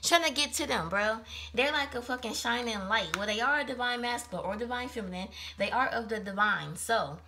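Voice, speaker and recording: A woman reads tarot cards in a loose, chatty way, full of slang and swearing. Her voice is bright and forward, and she stops often to laugh at and correct her own slips. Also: a little high, brisk, slight background noise. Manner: keeps correcting herself. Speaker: tarot reader. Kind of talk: casual tarot reading for a zodiac sign.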